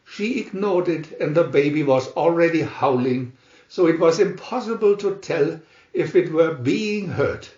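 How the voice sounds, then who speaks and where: A man reading a storybook aloud slowly and expressively. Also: fairly high pitch, a little mellow. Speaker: storybook reader. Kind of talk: read-aloud storybook narration. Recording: roomy muffled home recording.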